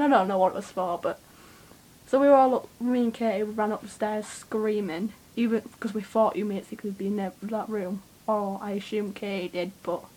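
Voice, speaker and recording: A young woman, telling a rambling, excitable story to camera, swearing freely and with lots of fillers. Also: medium pitch, moderate pace, rough recording. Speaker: vlogger.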